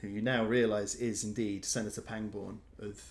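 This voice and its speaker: A man's voice: on the low side, little pitch movement, moderate pace. A man narrating as game master of a tabletop game, talking hesitantly with many ums and restarts.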